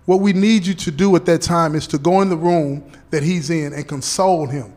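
A man playing a parole officer who explains things slowly and deliberately, checking in often with "okay?" and "right?". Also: on the high side, darkish tone, close to an everyday voice. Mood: explaining. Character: patient male parole officer briefing a relative.

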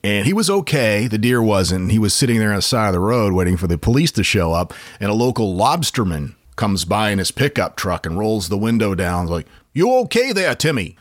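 Maine-accented male co-host, animated storyteller, dry close sound. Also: a little fast, few pauses, no room sound. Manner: lively storyteller, slips into high-pitched character voices. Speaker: podcast co-host. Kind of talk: casual chat.

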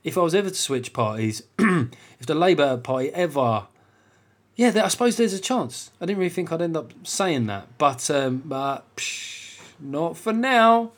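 A man's voice: on the high side, expressive, normal speed. A man from England, a comedian hosting his own podcast, talking in a casual, sweary, self-mocking way with stammered restarts. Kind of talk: casual solo podcast monologue.

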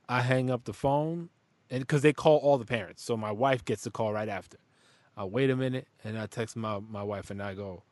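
A man's voice: mid-range voice, moderate pace, dry recording. A man who is a father, telling stories in a rambling, profane, casual chat. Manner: rambling, profane, animated storytelling. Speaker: podcast host and father.

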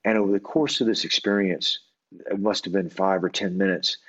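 Man, low voice, earnest, halting storytelling, dull lo-fi sound. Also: fairly even intonation, a bit bright. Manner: halting, many restarts and fillers, earnest. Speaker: guest. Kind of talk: personal storytelling in an interview.

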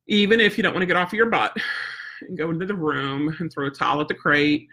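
A woman's voice: deep voice, fast, a bit bright. A woman dog trainer teaching casually on a live stream, chatty and plain-spoken, often checking in with "right?". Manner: chatty, tags points with "right?" and "okay?"; plain-spoken, firm about follow-through.

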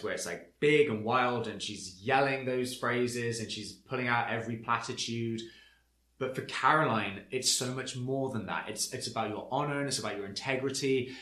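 A man co-hosting a casual podcast chat, animated and quick to mimic the people he discusses. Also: medium pitch. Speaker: podcast co-host. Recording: roomy echo.

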